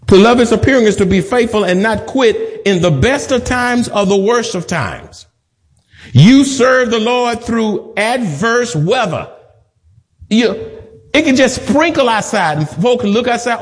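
A man's voice: extremely high pitch, big pitch swings, normal speed. A man preaching a sermon as pastor, emphatic and repetitive with joking asides. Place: church sanctuary.

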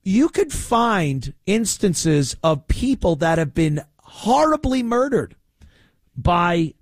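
A man's voice: sits high, sing-song, takes it slowly, dry recording. Sarcastic new guy ranting, voice jumps all over, dead dry mic. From New York. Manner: sarcastic, mocking, exasperated. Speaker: political commentary host. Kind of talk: opinion commentary.

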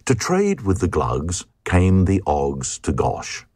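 Male reader, low and lively, slow playful delivery of comic verse, dry. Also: no echo. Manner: playful, sing-song storytelling. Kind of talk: reading comic verse aloud.

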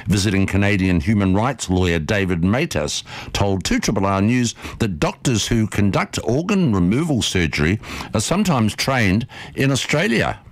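A man reading a local radio news bulletin in a brisk, measured way, with a distinctive accent. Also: on the low side. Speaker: local newsreader.

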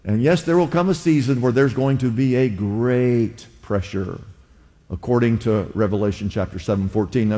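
A pastor giving a sermon in a conversational style, often asking the congregation to repeat words back. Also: male voice, medium pitch, warm tone. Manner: conversational preaching with audience call-and-response. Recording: long hall reverb.

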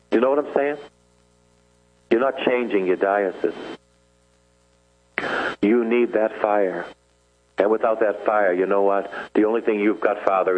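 Animated male preacher, lo-fi recording. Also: on the low side. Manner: animated, mocking voices in asides. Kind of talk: sermon.

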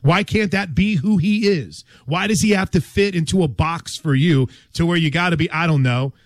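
A sarcastic man pushes back in a casual sports debate, his voice slightly high and recorded dry and close. He needles with pointed questions. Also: normal speed, no room sound. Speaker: sports talk host.

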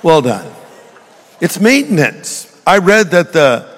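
Slow and sing-song, with a fairly high pitch, an older pastor preaches to his church, mixing jokes and stories with direct words to the congregation. The sound carries the long reverb of a large hall.

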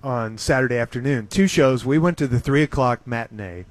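A man hosts a talk show in a relaxed, enthusiastic chat, at a middle pitch for a man. His voice is close and dry, with no room sound. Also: fairly quick, no echo. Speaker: radio host. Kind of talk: casual chat.

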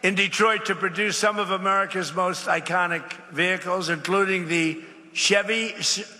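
Man, bright voice, repetitive emphatic speech, podium mic in a big reverberant hall. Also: high voice, fairly even intonation, normal speed. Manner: repetitive, emphatic, rambling asides. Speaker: speaker at a public event. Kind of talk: off-the-cuff rally speech. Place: large event space. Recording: reverberant hall with faint ambience.

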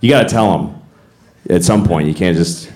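A middle-aged man doing a stand-up comedy set, telling stories animatedly and acting out voices with loud bursts. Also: low voice, normal speed. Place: live comedy stage. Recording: echoey venue with audience noise.

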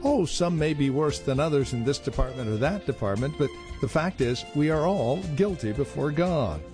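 Lively male radio announcer over music. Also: on the high side, moderate pace. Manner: dramatic, emphatic reading. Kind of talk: scripted broadcast introduction.

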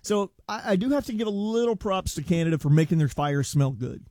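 A male radio co-host with a notably high yet mellow, warm-toned voice trades sarcastic jabs in political banter. He chuckles at his own lines, and his voice sounds dry and close on a studio mic. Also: expressive, fairly quick, dry recording. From United States. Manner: wry and sarcastic, laughs at his own jokes.

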